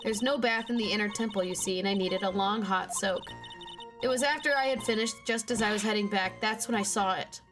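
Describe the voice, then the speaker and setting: A woman's voice: medium pitch, fairly quick, close to an everyday voice. A woman voicing a chatty older nun with a bad back, using a put-on country accent. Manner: folksy, chatty and self-pleased. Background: game music.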